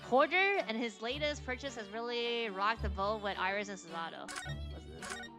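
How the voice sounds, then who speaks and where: A woman with a somewhat high voice reads a game's script aloud, taking every part herself. She drops in casual, sometimes crude asides between the lines. Game music plays clearly beneath her. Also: moderate pace. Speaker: streamer. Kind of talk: reading game dialogue aloud in a let's-play. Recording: game music playing underneath.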